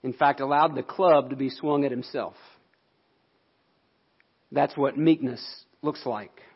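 A man's voice: mid-range voice, steady tone, unhurried, breathy edge, lo-fi sound. A man pastor delivering a sermon in an earnest, explanatory way.

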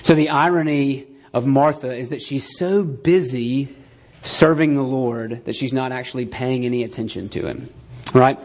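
A man's voice: medium pitch, normal speed, darkish tone. A man preaching a sermon to a congregation. He talks in a conversational way, often asks "right?", and acts out the quoted lines. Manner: conversational, keeps asking "right?".

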